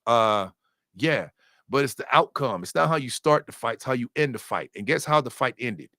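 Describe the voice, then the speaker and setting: A man giving casual, opinionated commentary on boxing, animated, profane and joking, with sudden loud outbursts. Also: medium pitch, normal speed, no echo, clean studio sound.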